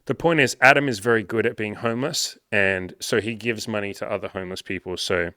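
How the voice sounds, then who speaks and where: A man's voice: lowish voice, brisk, pushed and bright, no room sound, studio quality. A young man, telling stories casually and animatedly, full of "like" fillers and swearing. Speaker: podcast host reading comments. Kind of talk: casual storytelling.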